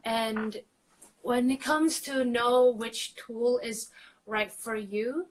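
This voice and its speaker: A woman's voice: fairly high pitch, fairly even intonation, slow, rough recording. Chatty woman coach, faint background hiss. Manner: chatty, laughs often, many fillers. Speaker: guest, trauma coach. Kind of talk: casual podcast conversation.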